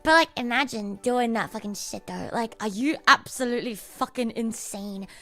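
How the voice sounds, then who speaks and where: Bright-voiced, foul-mouthed woman streamer. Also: fairly high pitch, moderate pace. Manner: profane, rambling, heavy "like" fillers. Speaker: livestreamer. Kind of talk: casual storytelling chat.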